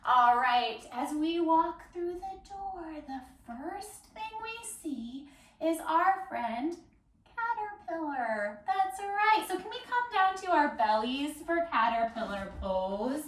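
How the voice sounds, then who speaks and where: A woman's voice: high voice, animated, takes it slowly. A woman leading a children's yoga class with a story, playful and sing-song, doing animal sounds. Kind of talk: guided kids' yoga with storytelling. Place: library room. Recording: roomy echo, voice from far off.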